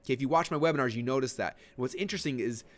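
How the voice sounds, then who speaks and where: A man teaching a webinar lesson in an energetic, emphatic, conversational way, leaning forward and gesturing as he talks. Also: medium pitch, very fast. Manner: conversational with frequent fillers and restarts. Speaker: online marketing instructor.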